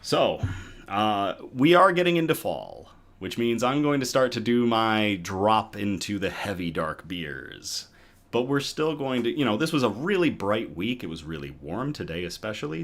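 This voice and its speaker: Chatty, animated male livestream host. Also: fairly low pitch. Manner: chatty, animated, self-deprecating asides. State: a little out of breath. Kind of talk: casual live-stream news show. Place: at home.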